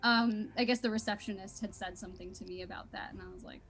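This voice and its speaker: A woman's voice: mid-range voice, fairly even intonation, fast talker, a bit bright. A young woman telling a story in a casual interview, bubbly and laughing often, full of fillers. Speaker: voice actor guest.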